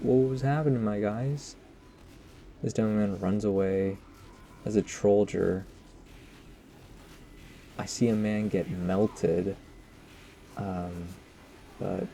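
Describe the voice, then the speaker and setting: A man's voice: on the low side, steady tone, slow, pauses often, dark tone, a little hiss or hum. A man giving casual, rambling post-game commentary over his own gameplay, joking at his own expense and tossing asides to viewers. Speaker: gaming commentator.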